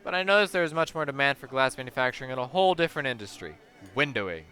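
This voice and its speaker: A man's voice: mid-range voice, animated, rapid-fire, bright, forceful tone, faint music behind. A man voicing a pompous, self-satisfied factory owner in his sixties who hosts a gala, speaking in formal, flowery phrases. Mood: explaining. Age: 60s. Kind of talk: reading game dialogue aloud.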